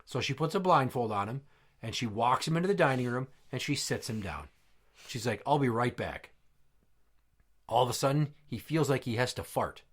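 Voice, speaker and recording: A man with a lively, swinging voice rattles off crude old jokes as an exasperated dad. He swears freely and huffs when the jokes fall flat. His pitch rides up and down through every setup. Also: brisk, husky. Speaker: comedy podcast host. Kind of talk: comedic joke-telling skit.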